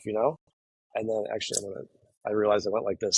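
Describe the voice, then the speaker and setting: A man speaks in a low, husky voice, rambling through fillers and restarts as an interview guest. The sound is dry and close, with no room around it. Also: quick pace, dry recording, low-quality recording. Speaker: guest, professional poker player. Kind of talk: casual conversation.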